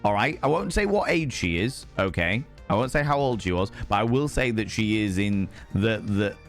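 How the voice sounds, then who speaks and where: A husky man with a fairly low voice hosts a casual stream, his throat slightly hoarse from a few nights of drinking. He talks in a theatrical, flamboyant way, often jumping into high, mocking voices between stretches of plain, rambling chat. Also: lively intonation, normal speed, faint music behind. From Ireland. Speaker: livestream host. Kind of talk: casual chat reading viewer messages.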